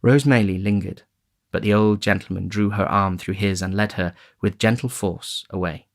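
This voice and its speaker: A man reading a classic novel aloud as audiobook narrator, even and unhurried. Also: fairly low pitch. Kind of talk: scripted narration.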